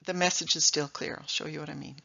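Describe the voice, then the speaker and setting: Bright-voiced woman giving a lively talk. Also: sits low, quick pace, creaky, slightly rough, lo-fi sound. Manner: lively, emphatic, rhetorical questions. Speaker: speaker giving a talk on English. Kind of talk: presentation to a live audience.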